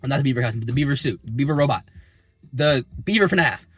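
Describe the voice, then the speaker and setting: Standing in a parking lot, a young movie reviewer excitedly rambles through a film recap, packed with fillers and casual swearing. His voice is husky and medium-pitched, fast, with no echo.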